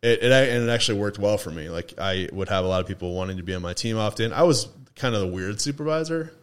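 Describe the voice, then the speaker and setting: Quick, animated and smooth, this lowish male voice belongs to a Toledo, Ohio native chatting casually as a podcast guest. He rambles, restarts and laughs during an indoor recorded session over drinks.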